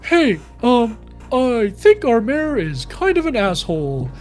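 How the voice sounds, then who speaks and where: A man's voice: very high voice, huge pitch swings, takes it slowly, darkish tone, soft background music, voice pushed up, heavily acted. A man voicing a timid male furbolg busboy who speaks in a raised, hesitant, polite voice.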